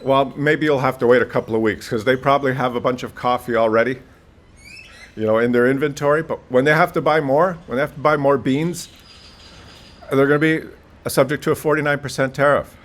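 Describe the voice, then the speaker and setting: A man's voice: mid-range voice, steady tone, brisk. A man giving video commentary, indignant and explanatory, talking straight to the viewer.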